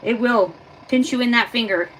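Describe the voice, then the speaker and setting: A woman hosts a casual livestream from her kitchen, chatting and explaining step by step as she works with her hands. Her voice is a little high at a moderate pace, and the phone livestream audio is poor, with clear background noise.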